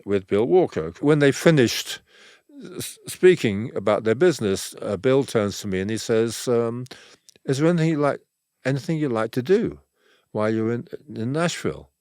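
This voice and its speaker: Older male guest, low voice, rambling anecdotes, bone-dry recording. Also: a little mellow, clean tone, dry recording. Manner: rambling, acts out quoted dialogue. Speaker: photographer, interview guest. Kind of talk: relaxed anecdotal storytelling.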